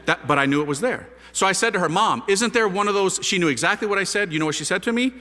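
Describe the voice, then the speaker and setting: A man with a fairly high, bright and forceful voice tells his story with big swings in pitch. He acts out the scenes with drama. Long reverb rings around him in a large hall. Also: lively intonation, fast. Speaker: priest giving his conversion testimony. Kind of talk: animated storytelling talk to an audience.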